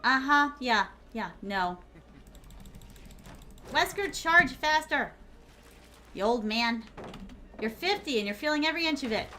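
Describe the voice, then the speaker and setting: A young woman from the Southern United States streams a game with a Southern accent, commenting live in a playful, teasing manner and calling viewers by pet names. Her voice is a little high, expressive and sharp-toned at a moderate pace, with slight background noise.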